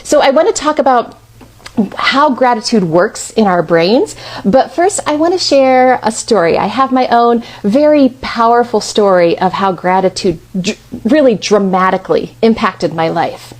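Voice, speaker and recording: Woman around 50 telling a story in a talk, chatty and expressive, fairly high voice. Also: moderate pace, a little hiss or hum. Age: about 50. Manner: conversational and expressive. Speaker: speaker.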